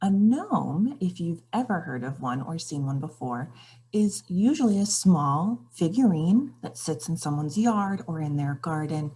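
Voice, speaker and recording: Husky, slow woman storyteller with a lively, low-set voice for a kids' picture book. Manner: expressive, questioning the characters. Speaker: read-aloud storyteller. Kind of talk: children's picture book read-aloud.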